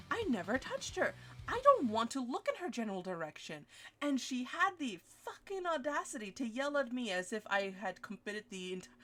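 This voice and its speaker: Woman streamer with a bright, forceful voice and a swearing storytelling rant, with quiet music underneath. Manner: profane, animated, jumps in pitch. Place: home streaming setup. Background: faint music.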